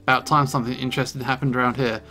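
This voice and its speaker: A man's voice: medium pitch, level tone, very fast, sharp tone, lightly acted. A man voicing a shady, mocking man in a video game who thinks chaos is fun. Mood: gleeful taunting. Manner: taunting, sneering.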